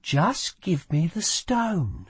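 A gentle young woman speaks softly and pleadingly, as a man reading an audiobook puts her on, her voice lifted high and a little husky. She talks slowly and tenderly. The sound is close and dry. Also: huge pitch swings, no echo, exaggerated voice. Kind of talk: audiobook character voice.

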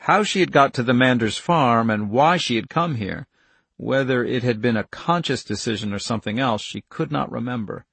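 Gravelly male audiobook narrator. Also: medium pitch, moderate pace, fairly bright tone, dry recording. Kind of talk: scripted narration.

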